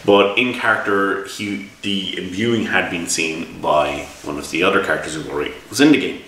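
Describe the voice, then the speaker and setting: Deep-voiced Irish man rambling. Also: normal speed, fairly bright tone, slight background noise. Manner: rambling, exasperated storytelling with many restarts. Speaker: game reviewer and game master. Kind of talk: casual spoken review. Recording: echoey room, mic set far off.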